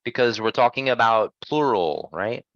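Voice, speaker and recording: A man teaching English pronunciation in an online lesson, patient and encouraging, gently correcting his students. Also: medium pitch, animated, moderate pace, dry recording, lo-fi sound.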